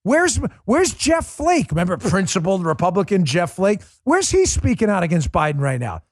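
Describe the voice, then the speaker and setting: A man's voice: sits high, huge pitch swings, moderate pace, no room sound, studio quality. A middle-aged man hosting a political commentary show, delivering a heated, scornful monologue full of insults and repetition.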